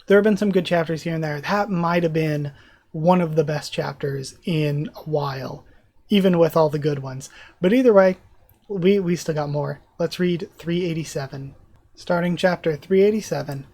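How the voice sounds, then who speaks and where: A man's voice: fairly high pitch, a little mellow. A man reading a comic aloud in a live reaction video, getting emotional and often stumbling and correcting himself. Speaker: YouTuber.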